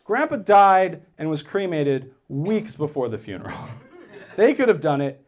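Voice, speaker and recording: A man's voice: a little high, sing-song, unhurried. A man in his thirties doing stand-up comedy on stage, telling a story in a conversational way and quoting people as he goes. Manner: conversational storytelling with quoted asides.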